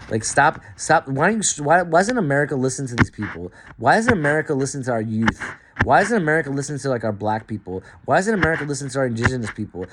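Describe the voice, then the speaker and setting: A man's voice: mid-range voice, background noise. A man in a rambling monologue to camera, swearing often, restarting his sentences and swinging between muttered asides and emphatic outbursts. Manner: profane, stream-of-consciousness, many restarts and stumbles.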